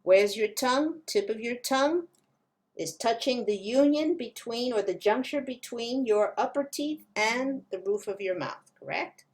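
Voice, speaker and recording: A woman teaching Spanish pronunciation, slowly modeling words for learners to repeat. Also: a little high, animated. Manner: slow, careful modeling of pronunciation. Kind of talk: language lesson.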